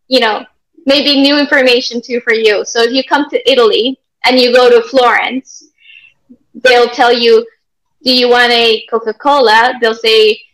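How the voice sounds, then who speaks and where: A woman's voice: a little high, fairly bright tone, low-quality recording. A woman, a native English speaker, tutoring in a casual video call, chatty and enthusiastic and laughing often. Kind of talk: casual conversation practice. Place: living in Italy.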